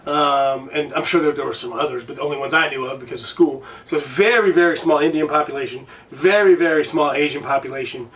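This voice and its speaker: A man from Illinois with a somewhat high voice hosts a loose, casual conversation. He rambles and restarts his sentences and swears freely. He sits a little back from the microphone. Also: fast talker, few pauses, fairly bright tone, distant mic, a little hiss or hum. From Illinois, United States. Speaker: podcast host. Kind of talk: casual interview chat. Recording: voice a bit off-mic.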